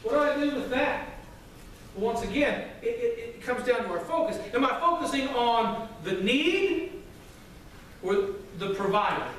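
A male pastor preaching a sermon to his congregation, loud and emphatic, with asides to the room. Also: extremely high pitch, lively intonation, unhurried. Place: church sanctuary. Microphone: microphone at a distance. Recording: very echoey hall, from far off, faint noise.

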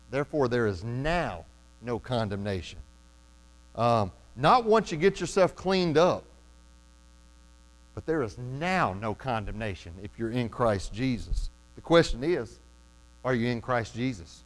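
Male preacher, mid-pitched, casual and emphatic, prompts amens, drops frequent ums. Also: animated, a little slow, pauses often. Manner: calls out for amens from the congregation. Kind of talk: sermon.

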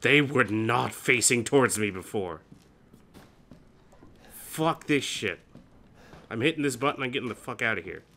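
A man's voice: medium pitch, animated, measured pace, long pauses, pushed and bright. A man hosting a horror game let's play, nervous and jumpy, swearing often and cracking self-mocking jokes.

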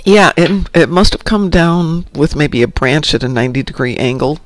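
A man's voice: fairly high pitch, animated, normal speed, dry recording. A middle-aged man hosting a casual morning show, rambling and poking fun at himself. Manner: rambling and self-mocking.

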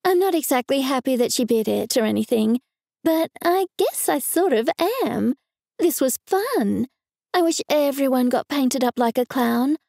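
A woman's voice: high voice, a little slow, vocal fry, no echo, studio quality, exaggerated voice. A woman narrator voicing a bored, tactless woman who works at a funeral home, talking in an offhand way. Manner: flat, offhand.

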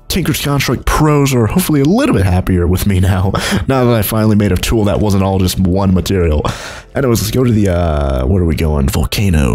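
Young male gaming host, husky low voice with wild pitch swings, chatty and rambling, faint music underneath. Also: a little mellow. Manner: rambling, chuckling, jumps between low mumbles and high exclaims. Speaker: gaming YouTuber. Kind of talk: Minecraft let's play commentary.

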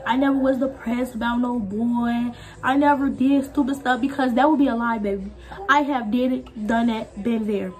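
Young woman vlogger, candid and chatty, high voice. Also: fairly even intonation, normal speed, few pauses. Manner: candid, talkative, heart-to-heart. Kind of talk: casual chat.

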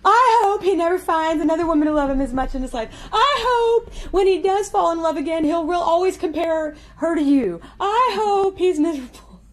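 A woman imitating her own mother, a doting, fiercely loyal mom ranting on the phone in a high, singsong voice. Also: animated, normal speed, few pauses. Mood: vengeful. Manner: shrill, gushing, vengeful rant.

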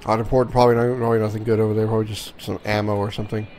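A man's voice: fairly low pitch, flat delivery, rapid-fire, darkish tone, slight background noise. A man casually commenting on his gameplay, rambling, correcting himself and swearing freely. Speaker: gaming channel host.

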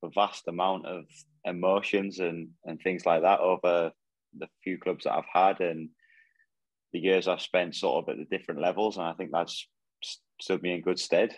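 Very low-voiced young man, modest. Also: little pitch movement, normal speed, no room sound, rough recording. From Northumberland, England. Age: 20s. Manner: modest, hesitant, lots of "sort of" fillers. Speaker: footballer guest. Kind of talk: casual interview.

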